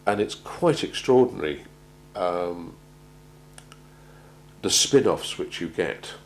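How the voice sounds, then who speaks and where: A man gives a measured talk on crisis planning, often pausing and repeating words as he goes. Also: sits low, animated, a little hiss or hum, rough recording. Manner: measured, halting, repeats words while finding them. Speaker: presenter on organisational crisis planning. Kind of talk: prepared talk to an audience.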